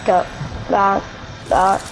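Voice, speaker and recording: A woman chattering excitably and squealing while playing a video game, throwing in slang. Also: mid-range voice, drawn-out words, over music. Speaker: gamer. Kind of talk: casual gameplay chatter. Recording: noisy gameplay audio underneath.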